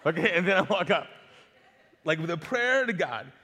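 A man's voice: high-pitched, big pitch swings, normal speed, pushed and bright, slightly rough. A male pastor preaching a casual, humorous sermon to a live congregation, acting out scripture dialogue and often repeating words as he goes. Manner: frequent word repeats and restarts. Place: church auditorium before a live congregation. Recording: long reverb of a church hall.

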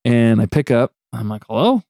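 A man's voice: mid-range voice, moderate pace, dry recording. A man on a podcast telling a story in an easy, chatty way. He laughs a lot and throws his voice around when he quotes people. The sound is dry and close. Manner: animated, laughs often, acts out quotes. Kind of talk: casual storytelling chat.

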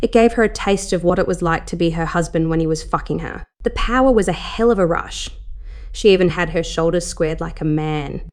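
A woman narrating an adult story in a soft, steady reading voice as the channel host. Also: on the low side, a little fast.

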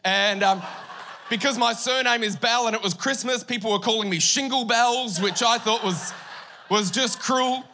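A young Australian pastor preaches, spinning a story with comic asides to his congregation. His voice sits high, with a bright tone. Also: moderate pace, a little hiss or hum. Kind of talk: humorous sermon.

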